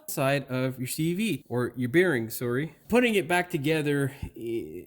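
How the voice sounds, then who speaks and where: Cursing mechanic with a lively voice. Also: male voice, medium pitch, normal speed, hardly any pauses. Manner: frustrated, swearing and muttering to himself while working. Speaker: auto mechanic host. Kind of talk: hands-on repair tutorial. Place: auto repair garage, indoors.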